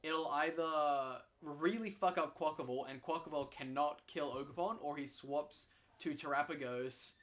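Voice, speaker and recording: Brief: male co-host, somewhat high voice, excitable, foul-mouthed, loose casual commentary. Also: moderate pace. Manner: excitable, swears freely, restarts often. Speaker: co-host commentating league matches.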